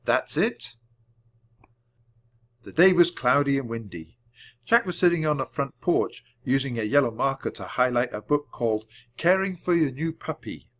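A man reading a children's book aloud at a clear, measured storytelling pace. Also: medium pitch, lively intonation, fairly bright tone. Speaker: audiobook reader.

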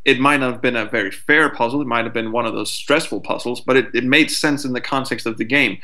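A man of middling pitch talks as a podcast guest, lively and quick to swear. He acts out a frustrated player's thoughts as he explains things. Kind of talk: casual podcast chat.

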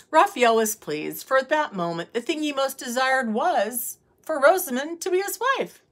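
A woman reading a children's storybook aloud in a measured, expressive way. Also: sits high.

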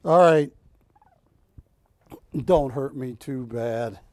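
A man's voice: medium pitch, very slow, no room sound. A man hosting a live shopping broadcast, selling art with a joking, chatty manner. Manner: joking, animated, teasing co-hosts. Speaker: shopping channel host. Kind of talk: live sales pitch.

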